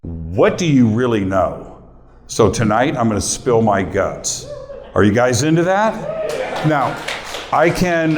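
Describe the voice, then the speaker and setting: A middle-aged male host with a mid-range voice speaks casually and personally to a live audience, with slight background noise. He's choked up, near tears, and chats with the crowd in an emotional talk to the room.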